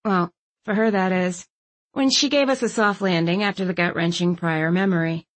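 A woman narrating a first-person audiobook in an even, wry storytelling manner. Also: fairly low pitch, moderate pace.

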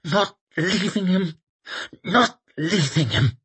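A man reading a story voices a terrified young man fleeing for his life, hissing in strained desperation with a husky voice. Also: high voice, takes it slowly, a bit bright, pitched above the performer's own voice, exaggerated voice. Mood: desperate.

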